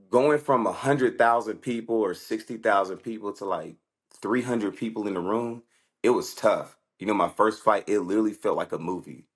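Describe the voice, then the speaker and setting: A man, a guest on an interview show, casually telling stories about his past in an animated way, acting out conversations with lots of "I was like". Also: on the low side. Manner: animated, acts out quoted exchanges with lots of "I was like". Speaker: guest, former football player turned fighter.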